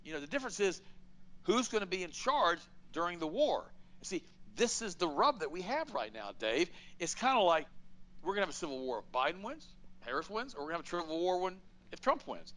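A middle-aged man hosting a talk show, speaking bluntly and emphatically, pitching up sharply for stress and acting out quotes in his stories. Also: fairly quick, low-quality recording. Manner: emphatic, animated, blunt storytelling with acted-out quotes. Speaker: radio show host. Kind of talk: political commentary, conversational monologue.

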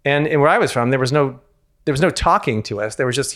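A man's voice: mid-range voice, lively intonation, quick pace, fairly bright tone. Frank, self-mocking man telling a story. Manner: frank, self-mocking, casual swearing, many restarts. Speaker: former ballet dancer, interview guest. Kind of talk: candid personal storytelling.

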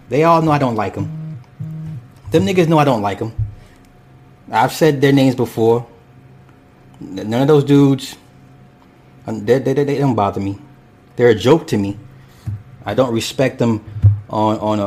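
A man's voice: mid-range voice, darkish tone. A man hosting a casual commentary stream, reading chat and speaking bluntly and profanely, rambling with restarts.

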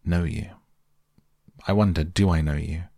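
A man's voice: sits low, steady tone, measured pace, gravelly, mellow, dry recording, studio quality, heavily acted. A man reading as an earnest painter pleading with a friend. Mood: urgent pleading. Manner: urgent, pleading, reproachful. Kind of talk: softly read bedtime audiobook.

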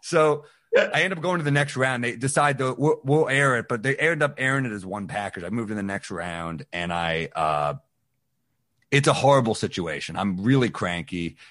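A man's voice: mid-range voice, normal speed. A man, a stand-up comedian, casually telling a story on a podcast and acting out the voices of the people in it. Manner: animated, acts out quoted voices.

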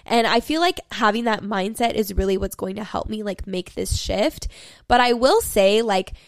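A woman's voice: mid-range voice, moderate pace, creaky, no echo. Frank, swearing young woman podcaster. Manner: frank and swearing, many "like" fillers; pep-talk tone, coaching listeners. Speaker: podcast host. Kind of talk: candid solo podcast monologue.

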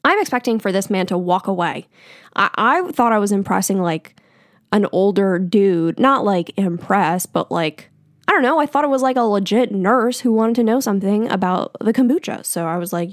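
A woman's voice: mid-range voice, normal speed, dry recording. Young woman podcast host, chatty storyteller, close dry recording. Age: 20s. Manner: chatty, animated, frequent "like" fillers. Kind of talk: casual storytelling.

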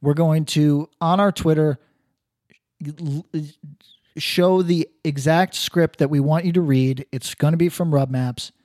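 A man with a slightly high, mellow voice, reading crude reviews aloud on a podcast and joking between lines. He laughs often and breaks into loud bursts. The sound is dry and close. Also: fairly even intonation, a little slow, dry recording. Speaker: podcast co-host.

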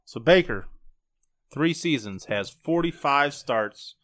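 A man's voice: mid-range voice, animated, takes it slowly, fairly bright tone. A man co-hosting a sports talk show, reading trivia and giving short, dry answers. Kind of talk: casual sports talk chat.

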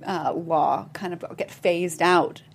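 A woman co-hosting a podcast, chatting about politics in an animated, exclamatory way with stammering starts. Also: on the low side, slow, creaky, slight background noise. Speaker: podcast co-host. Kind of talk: casual political chat.

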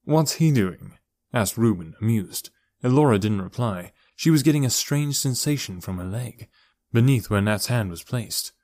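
A man narrating an audiobook in a steady, measured storytelling voice. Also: lowish voice, no echo. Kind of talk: scripted narration.

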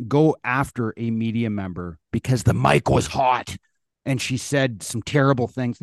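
A man's voice: medium pitch, a little slow, vocal fry, dry recording, clean studio sound. A man co-hosting a sports podcast, ranting bluntly and emphatically with plenty of swearing. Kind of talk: casual sports talk.

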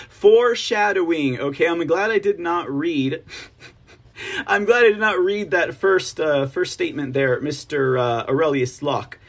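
A man with a slightly high voice hosts a political news livestream, chatting casually, laughing often and reading viewer comments aloud.

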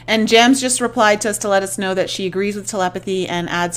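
A woman's voice: medium pitch, fairly even intonation, fast, few pauses. A woman hosting a live-streamed interview, friendly and affirming, reading out viewers' questions and comments.

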